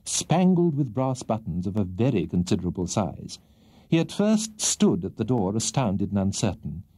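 A man narrating a classic novel for a children's audiobook in an expressive, lilting storytelling manner. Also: mid-range voice, slightly rough, no room sound. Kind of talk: classic novel read aloud.

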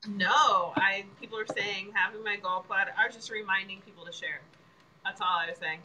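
A woman co-hosting a casual chat, quick to laugh and offering short supportive remarks. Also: mid-range voice, fairly even intonation, pushed and bright, a little hiss or hum, rough recording. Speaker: co-host.

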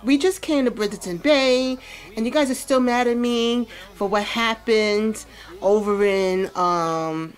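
A woman's voice: on the high side, measured pace, natural voice. A woman voicing a defiant teenage girl who pleads with her father in a life-sim game. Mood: pleading. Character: defiant teen girl newly moved to town.

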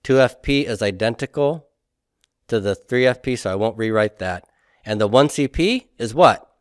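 A male teacher lecturing to a class at a board, asking questions and sounding out forms syllable by syllable. His voice sits at an ordinary middle pitch. The room sound is dry and close. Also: lively intonation, dry recording. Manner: patient, quizzing students with questions and repeating forms slowly. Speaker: Hebrew grammar teacher.

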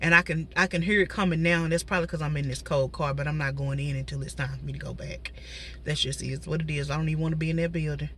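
A woman vlogger sits in a parked car chatting casually with her viewers in a mukbang-style talk, her fairly low voice quick and fairly bright. A slight cold leaves her a bit stuffy, and she addresses the audience directly, full of asides.

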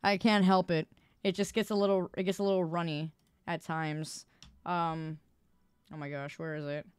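A woman streamer chatting casually with her viewers, loud and expressive, quick to protest and tease. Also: fairly low pitch, clean tone, no room sound.

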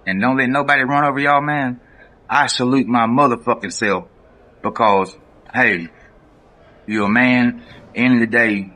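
Bright-voiced Southern man telling a story. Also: mid-range voice. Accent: Southern American. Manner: animated, profane, laughing storyteller. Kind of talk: casual storytelling to camera.

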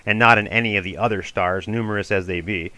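A man giving a measured, formal audiobook reading of an ancient philosophical dialogue. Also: fairly low pitch, fairly even intonation, bright, forceful tone, no room sound, low-quality recording. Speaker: reader of a classical dialogue.

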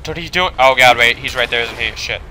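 A man playing a horror video game, commentating with panicky swearing, switching between yelling and muttering. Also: mid-range voice, fast talker, soft background music. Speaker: gaming video host.

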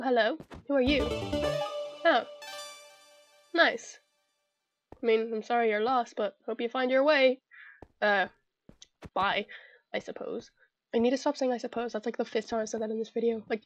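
A woman's voice: on the high side, muffled recording. A young Irish woman giving chatty, giggly commentary to herself while playing a video game. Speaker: gamer. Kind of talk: casual gameplay commentary.

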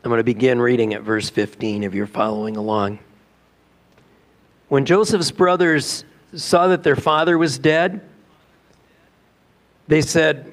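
A man's voice: medium pitch, fairly even intonation, unhurried, long pauses. A male pastor preaching a sermon in a church, telling a story in a conversational way with rhetorical questions. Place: church sanctuary.

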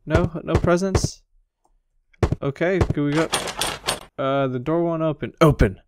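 A man commenting excitedly on a horror game as he plays, reading the dialogue aloud, with loud game music behind him. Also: a little high, a little slow, background noise. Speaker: gaming video host. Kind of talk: let's play commentary.

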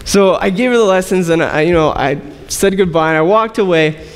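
A man's voice: sits high, fairly quick, clear, resonant tone, big-room sound. A man preaching a sermon as pastor, reading scripture and talking to the congregation in a conversational way, asking them questions. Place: church sanctuary.

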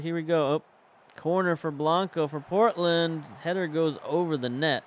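Guy chatting through his football manager game, smooth and kinda high voiced, a bit muffled sound. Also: moderate pace, a little hiss or hum. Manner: chatty, thinks aloud while managing the match. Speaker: game streamer. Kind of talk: casual commentary while playing.

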